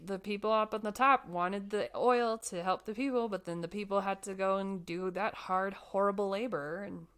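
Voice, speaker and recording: A woman's voice: medium pitch, normal speed, hardly any pauses, smooth. Chatty young woman telling a story. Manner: chatty, animated storyteller with frequent "like" fillers. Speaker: podcast co-host telling a life story. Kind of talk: casual chat.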